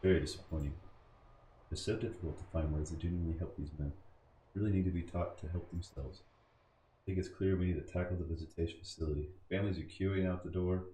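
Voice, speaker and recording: Deep-voiced man casually narrating gameplay. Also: fairly even intonation, quick pace, mellow, slight background noise. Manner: laid-back, thinking aloud, cussing when annoyed. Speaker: gaming channel host. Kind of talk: casual game commentary and reading game text. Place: home room at a computer. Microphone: boom mic. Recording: echoey room with game music.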